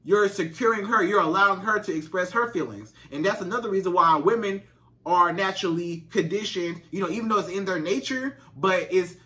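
A man's voice: sits high, fairly quick, sharp tone. A man giving relationship advice to women in a casual monologue, stammering, restarting and repeating himself. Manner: repetitive, stammering restarts, acts out quoted voices.

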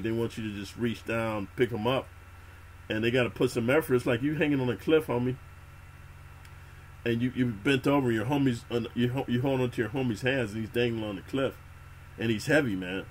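A middle-aged man with a mid-range voice casually tells his viewers prison and military stories, with slight background noise on the recording. As a YouTube prison-story host, he keeps the monologue unscripted, swearing constantly in heavy street slang and calling the listener "homie."

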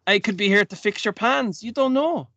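A man's voice: sits high, normal speed, pushed and bright, no room sound, heavily acted. A man voicing a sociable, secretive male dwarf traveller who talks hesitantly and stumbles over his words. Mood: chatty.

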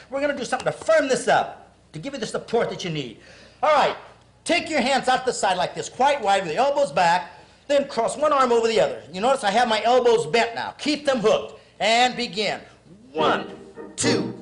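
High-voiced energetic fitness host man. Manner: energetic, counts reps and exhorts viewers; earnest, preachy heart-to-heart asides. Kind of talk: televised exercise class and pep talk.

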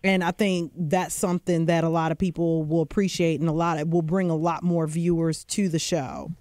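A woman's voice: deep voice, little pitch movement, normal speed, darkish tone, no echo, studio quality. A woman co-hosting a morning radio show, chatty and teasing with the others. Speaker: radio co-host.

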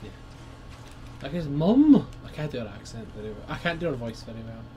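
A man with a Scottish accent giving excitable, sweary commentary while playing a video game with his brother. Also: medium pitch, very fast, a little hiss or hum. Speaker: let's play co-host. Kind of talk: casual gaming commentary.

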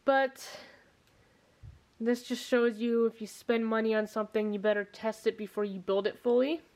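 A woman's voice: on the high side, fairly even intonation, moderate pace, darkish tone. A young woman in her twenties, out of breath, chatting casually to her camera at home, rambling with many restarts. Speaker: vlogger. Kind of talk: casual vlog chat. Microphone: handheld camera mic.

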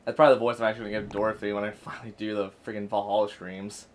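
A man's voice: fairly low pitch, flat delivery, racing. Muttering man streaming a game. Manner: mutters to himself, exasperated asides. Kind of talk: casual live-stream game commentary.

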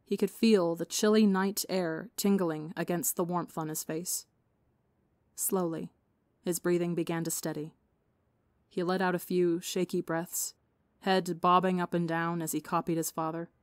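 A woman narrating fiction in a steady, measured reading voice for a podcast. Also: lowish voice, no room sound. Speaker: audiobook podcast reader. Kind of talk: scripted narration of fan fiction.

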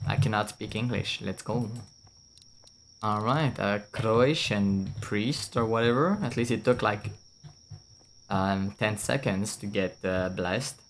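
A young man streaming a video game, chatting in a loose, joking way that rambles from thought to thought. His voice sits fairly low, and faint insect and cricket ambience from the game runs behind him. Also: unhurried, a little hiss or hum. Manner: jokey, rambling, swears, laughs often. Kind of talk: casual game commentary.

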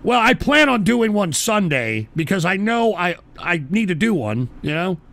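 A man hosting a live call-in stream, ranting belligerently at his chat and bursting into shouts, talking into a desk microphone. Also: high-pitched, sing-song, normal speed, gravelly. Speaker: call-in show host. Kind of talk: profane live-stream rant.

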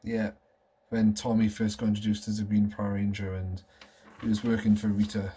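Showing his collectibles at home, a man in his thirties chats casually, rambling with nostalgic enthusiasm as a collector vlogger. His voice sits on the low side, monotone and dark, at normal speed with slight background noise.

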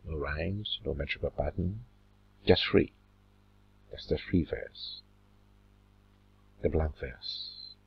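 A man teaching a literature lesson, slow and deliberate, drawing out words as he counts syllables, with a husky voice. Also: low-pitched. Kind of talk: recorded classroom lesson. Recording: dull lo-fi recording.

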